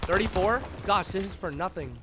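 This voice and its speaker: Hyped high-voiced young gamer guy. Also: lively intonation, normal speed, over music. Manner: hyped, slangy, talks to opponents. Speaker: gaming YouTuber. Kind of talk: excited gameplay commentary.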